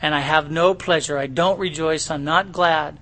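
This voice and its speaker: A man's voice: a little high, fairly even intonation, normal speed, a bit bright. A middle-aged man preaching a conversational sermon in a folksy way, often checking in with his listeners. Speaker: pastor.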